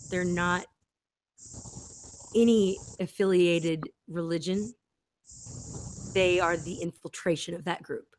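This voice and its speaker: A woman's voice: lowish voice, steady tone, slow pace, pauses often, a little mellow, slight background noise. A woman in a rambling casual chat, giggling and interrupting herself often. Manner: giggly, meandering, with frequent self-interruptions. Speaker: host.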